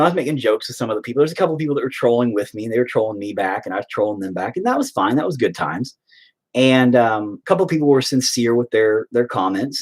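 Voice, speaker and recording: A man's voice: medium pitch, slightly rough. A man hosting his own online show, telling a story in a profane, sarcastic, rambling rant full of fillers.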